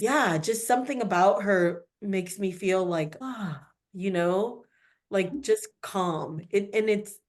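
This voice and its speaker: A woman guest on a podcast, talking in a rambling, animated way full of "like" and "you know". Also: medium pitch. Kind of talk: casual chat.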